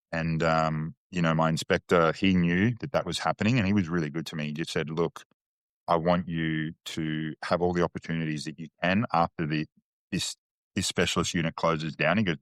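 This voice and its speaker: A man's voice: very deep voice, fairly even intonation, fairly quick, a bit bright, dry recording. A man with an Australian accent, a podcast guest telling candid, slangy stories with frequent restarts. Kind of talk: casual interview chat.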